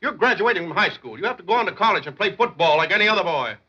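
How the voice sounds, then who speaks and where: A bossy blustery dad in an old movie comedy, high lively voice, muffled old sound. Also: male voice, rapid-fire, breathy edge, heavily acted. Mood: blustering. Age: middle-aged. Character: blustering, bossy middle-aged father. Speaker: father. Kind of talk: 1950s film comedy acting. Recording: lo-fi 1950s film soundtrack.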